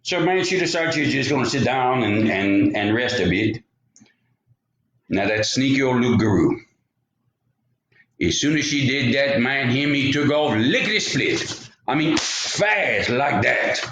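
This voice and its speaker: A man's voice: medium pitch, a little slow, fairly bright tone, slight background noise. A man with a Louisiana Cajun accent telling a folksy story aloud, with rambling, chatty asides. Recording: roomy, slightly dull home recording.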